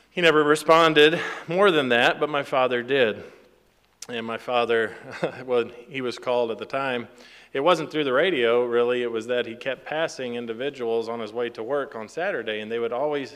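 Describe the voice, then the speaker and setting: A man giving a sermon in a relaxed, conversational way, with fillers and small laughs between points. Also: medium pitch, clean tone, in a large hall. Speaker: pastor.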